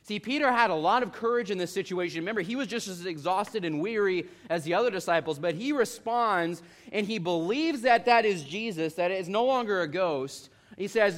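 A young man preaching an expository sermon, telling the story in a lively way and acting out the voices of the people in it. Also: sits high, fairly quick, hardly any pauses.

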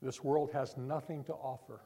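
An older man, a pastor, preaching a sermon in church in an earnest, repetitive way, talking from the heart rather than yelling. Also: medium pitch, level tone, normal speed, breathy edge.

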